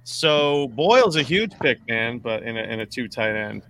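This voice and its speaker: A man's voice: medium pitch, big pitch swings, moderate pace, a bit bright, a little hiss or hum. A man hosting a casual fantasy football chat, rambling and self-deprecating, with many restarts and some swearing. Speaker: podcast host.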